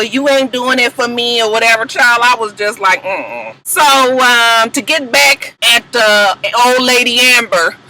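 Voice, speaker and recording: A woman recapping a reality show in blunt, profane casual chat, sassy and animated, jumping between high exclamations and low asides. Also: poor audio. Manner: sassy, blunt, heavy cursing, drawn-out reactions.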